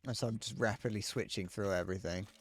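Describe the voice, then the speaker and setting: A man's voice: fairly low pitch, steady tone, quick pace. A man chatting casually while streaming a game, rambling, swearing, and stammering through restarts. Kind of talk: casual live-stream chat while gaming.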